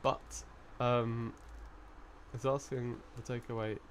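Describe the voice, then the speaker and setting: A man's voice: mid-range voice, little pitch movement, takes it slowly, a little hiss or hum. A man hosting a live stream and chatting in a rambling, easygoing way, often breaking into laughter. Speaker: coin-hunting live streamer. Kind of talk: casual live-stream chat.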